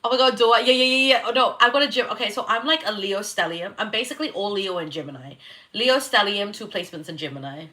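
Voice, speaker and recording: A woman's voice: mid-range voice, expressive, quick pace, pushed and bright. A young woman, an astrologer chatting loosely on a livestream, giggly, swearing and reacting to viewer comments. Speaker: astrologer hosting a live reading. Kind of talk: casual livestream chat.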